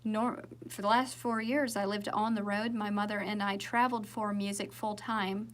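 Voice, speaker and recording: A woman's voice: mid-range voice, level tone, moderate pace, slight background noise. A young woman with a Southern accent chatting casually with viewers on a livestream, rambling with fillers and restarts. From Southern United States. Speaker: singer-songwriter livestreaming.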